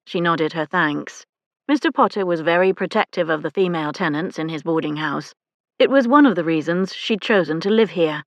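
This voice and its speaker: A woman reading a historical romance novel aloud as an audiobook narrator, in a measured, even storytelling manner. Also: sits low, no echo. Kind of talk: scripted narration.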